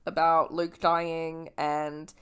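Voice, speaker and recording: A woman's voice: low-pitched, flat delivery, very slow, a bit bright, smooth. A tipsy woman talks straight into her camera, slurring her words as she rambles through a book recap. She swears freely and breaks off into giggly asides. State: drunk, slurring. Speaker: book vlogger. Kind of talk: casual book series recap.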